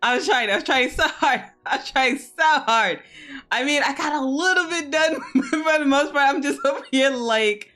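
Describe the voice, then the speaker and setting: A woman's voice: high voice, moderate pace, sharp tone. A young adult woman chatting casually on a live stream, laughing often and swearing freely. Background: faint music.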